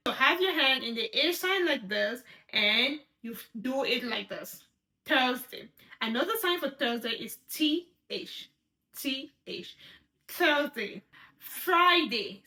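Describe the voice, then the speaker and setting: Female sign language teacher, high bright voice, patient and repetitive, checks in often. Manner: patient, repeats each sign word, checks in with "right?". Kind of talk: step-by-step instruction.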